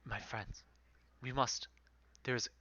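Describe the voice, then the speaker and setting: A man's voice: fairly even intonation, slow pace, pushed and bright, dry recording, dull audio. A man voicing a frantic captain who has lost his key, with a panicked, pleading manner. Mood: urgent. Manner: panicked, pleading, high-pitched.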